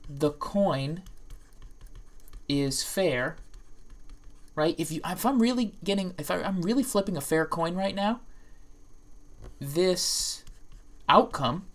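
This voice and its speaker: A woman professor giving a recorded statistics lecture, playful and lively, acting out what imagined students would say, with frequent restarts and asides. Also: sits low.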